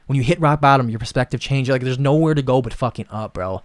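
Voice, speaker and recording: A man's voice: medium pitch, fast, hardly any pauses, no room sound, clean studio sound. A man hosting a casual podcast chat, rambling earnestly and swearing freely. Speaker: podcast host.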